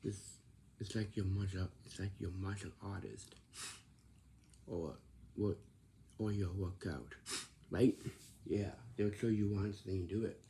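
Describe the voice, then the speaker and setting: Slow, gravelly, low-voiced man lecturing. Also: fairly even intonation, dark tone, a little hiss or hum. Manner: repetitive, instructive, many restarts and tag questions. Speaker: vlogger giving life advice. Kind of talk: casual lecturing monologue.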